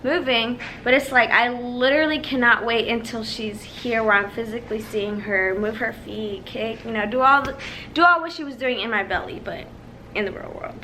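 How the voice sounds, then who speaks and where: A woman's voice: fairly high pitch, normal speed, pushed and bright, a little hiss or hum, poor audio. A woman in her early twenties chatting casually to her viewers, emotional and laughing as she tells stories. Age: 20s. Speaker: vlogger. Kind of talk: casual chat.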